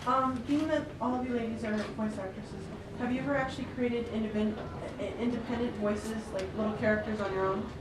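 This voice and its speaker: A woman's voice: on the high side, steady tone, fairly quick, few pauses. A woman in the audience asking the panel a long, hesitant question. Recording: very echoey hall, distant mic, loud noise.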